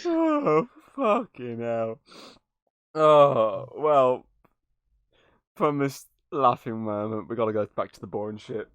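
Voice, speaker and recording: A man's voice: mid-range voice, big pitch swings, slow, a bit bright, clear, resonant tone, dry recording. A young man hosting a podcast, retelling film scenes in casual chat, swearing and laughing often. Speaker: podcast host. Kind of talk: casual movie review chat.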